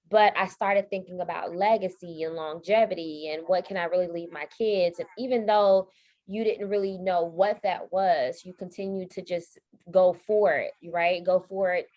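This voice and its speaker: A woman with a fairly low voice hosts a podcast interview. She talks in a relaxed, affirming way and reflects on what her guest has said. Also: muffled recording. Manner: affirming, frequent small responses. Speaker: podcast host. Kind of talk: conversational interview.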